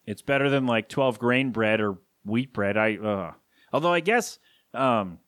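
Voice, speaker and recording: A man's voice: medium pitch, lively intonation, unhurried, fairly bright tone, no room sound, clean studio sound. Rambling man hosting a solo podcast. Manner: self-deprecating, rambling with many asides. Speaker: podcast host. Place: home basement studio.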